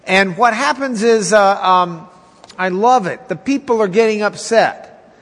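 A man's voice: a little slow, fairly bright tone, big-room sound. A man teaching a Bible class in a folksy sermon style, acting out the people's complaints in a raised voice. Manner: folksy, acts out quotes with raised pitch.

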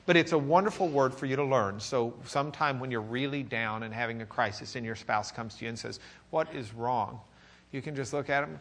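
Texan male pastor, fairly high voice, church-class sermon, dramatic loud-to-soft swings, restarts. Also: a little hiss or hum. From Texas. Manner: swings from loud questioning to quiet confiding, with joking asides; restarts and repeats words. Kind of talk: sermon lesson.

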